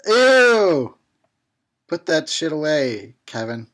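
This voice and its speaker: A horror host giving a drunken commentary on a film, rambling and swearing and often breaking into laughter. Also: mid-range voice.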